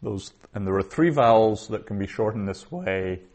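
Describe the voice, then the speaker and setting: A man teaching a Hebrew lesson, explaining slowly and thinking aloud with frequent restarts. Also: on the low side, animated, darkish tone. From the West. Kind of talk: lecture on Biblical Hebrew.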